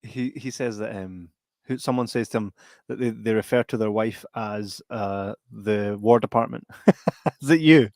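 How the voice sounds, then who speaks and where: A man's voice: on the low side, unhurried, creaky, darkish tone, no room sound. A man co-hosts a podcast in a wry, easygoing way. He reads out listener comments between jokes, and his close voice carries no room sound. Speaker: podcast co-host. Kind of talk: casual podcast chat.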